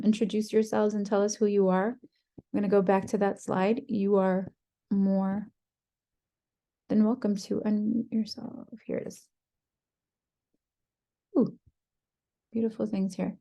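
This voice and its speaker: A woman presenter runs an online workshop over a video call, warmly inviting people to unmute and share. Her voice is dark and mellow with a gravelly fry. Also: medium pitch. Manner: warm, encouraging, reads participants' chat aloud.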